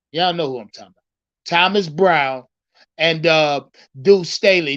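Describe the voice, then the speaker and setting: On a muffled recording, a high-pitched, slightly bright-voiced livestream sports commentator talks football with his viewers. He's casual, profane, and rambling, repeating himself and calling out the chat.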